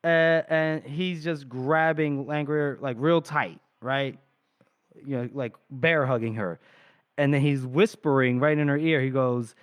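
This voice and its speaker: A man's voice: fairly high pitch, fairly even intonation, a little slow. A man co-hosting a book podcast, casually retelling scenes and reading characters' lines aloud. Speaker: podcast co-host.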